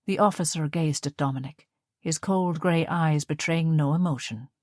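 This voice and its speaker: Audiobook narrator: a woman with a lower voice, steady measured reading, dry close sound. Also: no echo.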